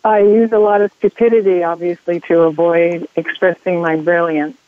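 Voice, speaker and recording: A woman calling in to a coaching show, talking in a halting, hesitant way. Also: lowish voice, flat delivery, no echo. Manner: halting and hesitant, with fillers and restarts. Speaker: caller. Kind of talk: phoned-in coaching call. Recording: tinny phone line.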